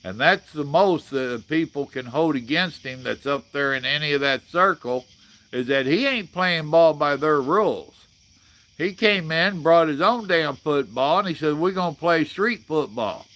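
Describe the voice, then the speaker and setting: A man's voice: fairly high pitch, moderate pace, fairly bright tone. A man, hosting a casual live chat and reading viewer comments in a blunt, folksy way. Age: 60s. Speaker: livestream host.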